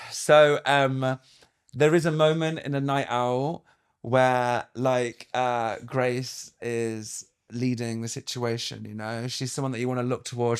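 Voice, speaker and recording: A man chats like a stage performer, quick to turn a joke into a mock-grand bit. His voice sits in an ordinary middle register. He keeps the talk light, playful and loose. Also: medium pitch. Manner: playful, theatrical, bursts into mock-grand recitation. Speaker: comedian guest. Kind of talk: casual comedic chat.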